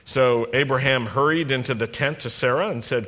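Give me a man giving a sermon as a rabbi, bright and direct, with a long hall echo. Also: mid-range voice, moderate pace, few pauses. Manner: conversational preaching, teasing the congregation, addresses listeners directly. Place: congregation hall. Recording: long reverb in a large hall.

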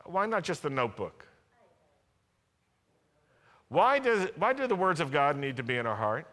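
A man's voice: on the high side, very animated, normal speed, fairly bright tone. A man preaching a sermon as pastor, asking the congregation to answer him. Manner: preaching, asks the congregation to respond. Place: large worship hall. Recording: long hall reverb.

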